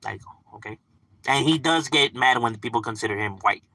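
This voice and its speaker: A man's voice: medium pitch, fairly quick, bright, forceful tone, no room sound, rough recording. A man chatting casually on a live stream, swearing freely, laughing often and filling his talk with "like" and "you know.". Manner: loose and profane, laughs often, lots of fillers; chatting back to unseen viewers.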